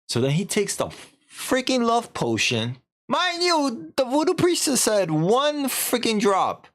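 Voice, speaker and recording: A man's voice: high-pitched, huge pitch swings, takes it slowly. A young man streaming, casually recapping a story in a rambling, slangy way with lots of filler.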